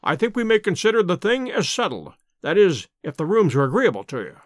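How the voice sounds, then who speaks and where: A brisk, confiding eccentric detective, as a man reads him aloud in a storybook reading. The voice sits high and moves with lively rises and falls. The recording is dry and close. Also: no room sound. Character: sharp, eccentric male amateur detective. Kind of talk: audiobook character reading.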